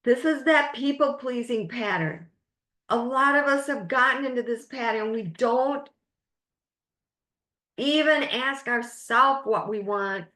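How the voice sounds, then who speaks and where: A woman life coach leading a webinar masterclass, speaking in slow, emphatic, drawn-out phrases. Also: on the high side, bright, forceful tone, echoey room.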